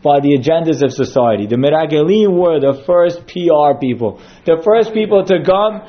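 A man's voice: on the high side, lively intonation, normal speed, dull audio. A man giving a sermon that centres on a told story, acting out quotes as he goes. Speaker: synagogue speaker.

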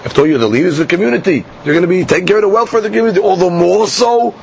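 A man teaching a Talmud class. He reads each line slowly and then explains it in plain English. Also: high-pitched, creaky, a little mellow. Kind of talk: Talmud class, reading and translating. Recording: dull lo-fi class recording with faint hiss.

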